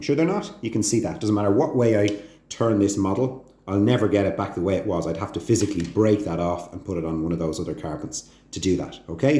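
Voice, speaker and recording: A man teaching a chatty chemistry lesson, often asking the viewer whether they can see the point and rising sharply in pitch on his questions. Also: dark tone. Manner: chatty, asks the viewer frequent check questions. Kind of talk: casual recorded chemistry lesson. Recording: echoey room sound.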